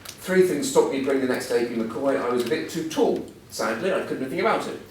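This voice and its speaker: Speaking fast and expressively at medium pitch, a guest speaker in his sixties tells self-mocking, funny anecdotes in an after-dinner talk. The recording catches him from afar in a very echoey hall, with slight hiss or hum.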